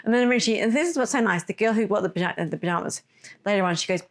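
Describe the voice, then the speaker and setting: A woman's voice: medium pitch, rapid-fire. A woman telling a personal story on a podcast, rambling and correcting herself as she goes. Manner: rambling, self-correcting, emotional retelling. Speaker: podcast host.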